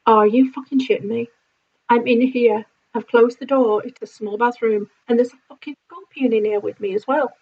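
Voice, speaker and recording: A woman vlogger telling a story in an animated, indignant way, swearing freely. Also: fairly high pitch, normal speed. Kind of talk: casual storytime vlog. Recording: slightly dull lo-fi sound.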